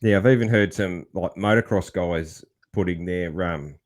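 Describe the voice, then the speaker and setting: An Australian man hosting a podcast, chatting in a relaxed, rambling way with frequent laughs. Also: sits low, normal speed. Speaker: podcast host. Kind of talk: casual interview chat.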